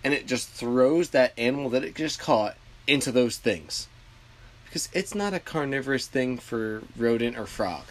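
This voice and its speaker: A man co-hosting a podcast in casual chat, rambling and excitable, with plenty of swearing. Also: medium pitch, normal speed. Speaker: podcast co-host.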